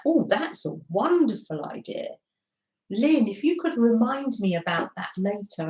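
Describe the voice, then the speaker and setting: A middle-aged woman hosting a craft live stream, chatting casually and reading out viewers' comments. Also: mid-range voice. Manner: chatty, warm greetings to viewers. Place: indoors at a craft desk. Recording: echoey room.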